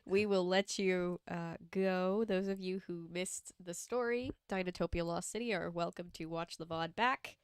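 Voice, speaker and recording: A woman's voice: lowish voice, fairly even intonation, normal speed, few pauses, clean tone, no room sound, clean studio sound. A woman hosting a casual live stream, chatty and giggly as she wraps up a book reading. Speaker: stream host.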